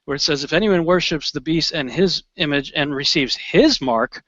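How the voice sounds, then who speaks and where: A man co-hosting a Bible study show, chatting in a relaxed way and reading verses aloud. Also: a little high, normal speed, dry recording. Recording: dull lo-fi dry recording.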